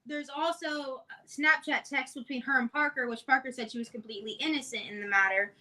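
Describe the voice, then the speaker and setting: A woman on a casual livestream reads text messages aloud, stringing them together with "and then she goes". Her voice is bright and a little high. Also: fairly even intonation, fairly quick, rough recording. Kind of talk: casual discussion, reading texts aloud.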